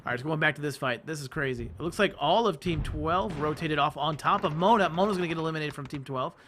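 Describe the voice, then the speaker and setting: Male esports caster: fast, excitable play-by-play over a noisy live feed. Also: fairly high pitch. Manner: rapid, excitable, self-correcting.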